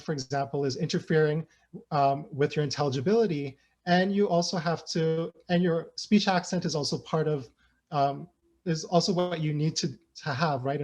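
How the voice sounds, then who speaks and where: A man's voice: fairly high pitch, normal speed, a little mellow. A man giving an academic lecture, casual and searching, with many fillers and tag questions. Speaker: guest lecturer. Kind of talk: academic talk.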